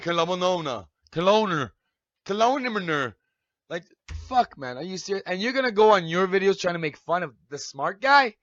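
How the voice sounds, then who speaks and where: A man's voice: high-pitched, bright, forceful tone, dry recording. A man ranting angrily on a live stream, swearing, accusing people and asking "okay?" again and again. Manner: heated, accusatory, repeats "okay?". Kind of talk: angry profane rant. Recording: dull lo-fi live-stream audio.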